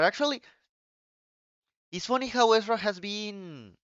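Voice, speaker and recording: A man whose first language is Spanish, live-streaming and chatting to viewers in an excitable, profane rant full of restarts. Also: a little high, moderate pace, smooth, no room sound, muffled recording. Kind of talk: casual live-stream chat.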